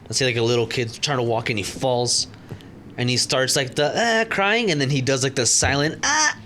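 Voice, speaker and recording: A man co-hosting a casual comedy podcast, animated, who jumps into high squeaky voices to act out kids. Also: brisk, slight background noise. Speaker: podcast co-host.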